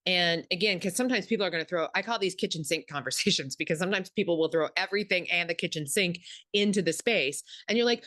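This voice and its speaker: A woman guest talking through workplace advice in a low-leaning voice, animated as she acts out little exchanges. The sound is dry and close, with no room around it. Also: quick pace, no room sound. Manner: animated, acts out example dialogue. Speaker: communication expert guest. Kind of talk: explanatory interview talk.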